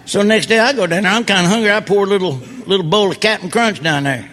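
Self-mocking man, high-pitched. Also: fast, a bit bright. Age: 50s. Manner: folksy, grumbling, self-mocking delivery. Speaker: stand-up comedian. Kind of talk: stand-up comedy set.

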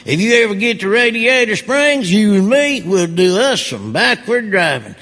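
A man's voice: high voice, big pitch swings, moderate pace, a bit bright, long reverb tail, voice pushed up, full character voice. A man with a Southern US accent voicing a cheerful, twangy hillbilly tow truck full of folksy sayings. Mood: cheery. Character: goofy rusty hillbilly tow truck, male. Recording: live show with crowd noise.

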